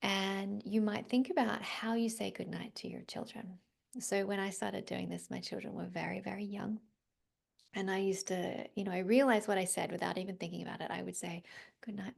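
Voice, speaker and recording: A middle-aged woman with an Australian accent, a psychologist speaking as a podcast guest, gentle and reflective, often dropping to a near-whisper. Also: medium pitch, creaky, slightly rough. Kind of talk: conversational podcast interview.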